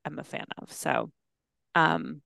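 A woman hosts a chatty podcast, her pitch leaping up and down with lively expression. She sounds enthusiastic and chimes in with quick agreement. The recording is close and dry, with no room sound. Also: vocal fry, no echo. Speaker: podcast host. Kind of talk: casual chat.

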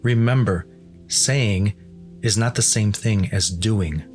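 Man reading a grave male pilgrim, warning tone, low voice, soft music behind. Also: slow pace. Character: wise, watchful male pilgrim.

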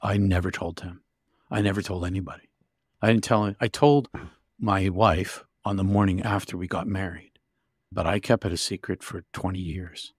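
An older man, an interview guest, telling his story in a vivid, halting way with restarts. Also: deep voice, steady tone, husky, dry recording, clean studio sound. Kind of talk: emotional storytelling.

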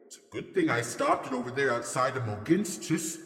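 A man's voice: mid-range voice, animated, a little fast, fairly bright tone, roomy sound, in a large hall, faint music behind, natural voice. An actor playing a mocking, boastful male trickster spirit who laughs at his own jokes.

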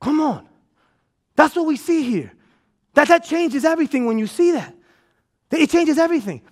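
Male pastor, high voice, energetic sermon delivery, emphatic restarts. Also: normal speed. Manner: energetic, repetitive preaching with restarts and emphatic repeats. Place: church auditorium.

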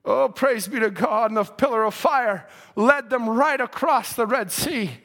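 A man preaching a fervent sermon, impassioned, breaking into cries of hallelujah and rising to shouts. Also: very high voice, unhurried.

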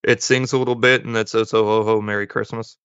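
A man's voice: fairly low pitch, little pitch movement, quick pace, fairly bright tone, smooth, no echo. A man co-hosting a podcast, casually retelling a movie plot and acting out the characters' lines in passing. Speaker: podcast co-host. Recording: dull lo-fi dry sound.

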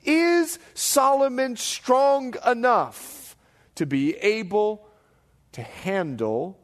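A man in his forties, a pastor preaching a sermon to a congregation with animated storytelling, acting out the voices he quotes. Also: high-pitched, drawn-out words. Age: 40s. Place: church hall before a live congregation.

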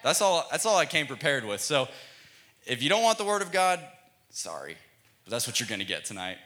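A young man, a student pastor, preaching a playful, energetic youth sermon in a church and calling for audience responses. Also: mid-range voice, brisk. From United States.

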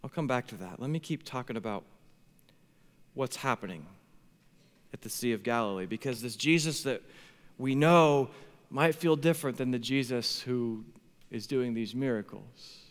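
A man in his thirties preaching a sermon as a pastor, animated, swinging from hushed tones to near shouting. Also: medium pitch, moderate pace, long pauses. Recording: long hall reverb.

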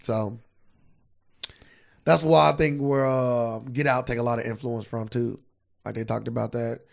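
A podcast co-host chats loosely with plenty of swearing, now and then reading facts aloud from a screen. His gravelly, mid-range voice holds a steady tone and an unhurried pace.

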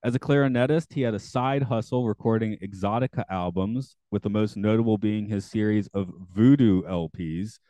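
A man with a lowish, mellow voice hosts a podcast. He reads show notes and then chats, hedging with plenty of fillers. The sound is close and dry. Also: normal speed, hardly any pauses, dry recording. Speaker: podcast host. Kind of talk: casual chat and reading show notes.

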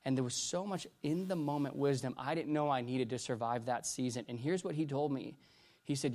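A middle-aged man preaching a personal testimony, halting and rambling with many restarts, swinging between loud bursts and hushed retelling. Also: mid-range voice. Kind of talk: sermon testimony.

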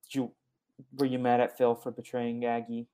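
Man, podcast host, casual movie recap, animated storytelling, mid-pitched voice. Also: normal speed, clear, resonant tone. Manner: animated retelling, acting out characters' lines.

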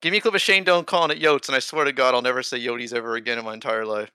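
A man's voice: mid-range voice, fairly even intonation, very fast, pushed and bright, clean tone, dry recording. A man co-hosting a casual sports podcast, arguing emphatically, swearing and exaggerating. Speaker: podcast co-host.

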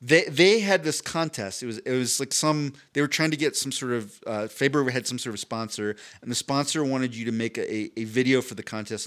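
A man on a podcast telling a long story in casual chat, rambling and swearing, acting out what people said. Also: mid-range voice. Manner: rambling, animated, swearing, acts out quoted people. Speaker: podcast co-host.

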